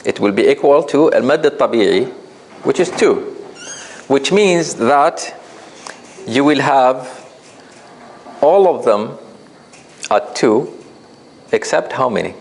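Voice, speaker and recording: Guy teaching a recitation class, patient, asks the class stuff, drags out examples slowly. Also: mid-range voice, lively intonation, gravelly, a little mellow, slight background noise, rough recording. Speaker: tajweed teacher. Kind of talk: live class explanation.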